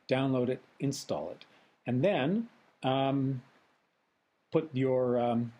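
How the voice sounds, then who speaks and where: A man teaching a recorded software tutorial lecture, methodical and explanatory with frequent ums. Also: medium pitch, husky, low-quality recording. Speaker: instructor.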